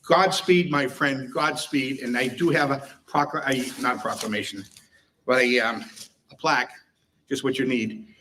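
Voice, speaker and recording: A man's voice: mid-range voice, steady tone, moderate pace, bright, forceful tone, slight background noise. A man giving a humorous retirement tribute speech, chuckling his way through anecdotes. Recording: voice heard from a distance.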